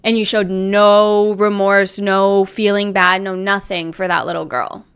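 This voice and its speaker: A woman's voice: mid-range voice, flat delivery, unhurried, fairly bright tone, clear, resonant tone. A woman hosting a commentary video, reacting with indignant, emotional ranting. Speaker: commentary channel host.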